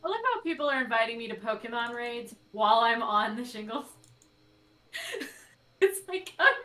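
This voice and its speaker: High pitched woman cohosting a stream, giggly, jokey, bit of faint noise behind. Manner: giggly, excitable, quick jokey asides. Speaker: podcast co-host on a charity stream. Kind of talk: casual livestream chat.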